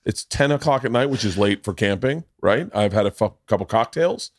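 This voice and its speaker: A man in his forties hosting a podcast, telling family stories in casual chat, swearing freely and animated. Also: lowish voice, fairly quick, no echo, studio quality. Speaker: podcast host. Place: podcast studio.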